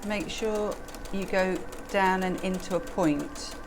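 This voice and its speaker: A woman's voice: medium pitch, takes it slowly, noisy background. A woman demonstrating sewing on a live shopping channel. She talks in a chatty, giggly way, explaining each step. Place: TV studio.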